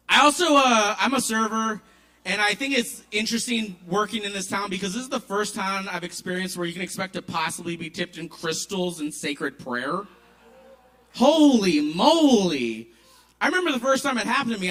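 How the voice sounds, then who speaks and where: A man from Maryland doing stand-up comedy at an open mic, with an animated, punchy delivery. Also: sits high. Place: kava bar open mic.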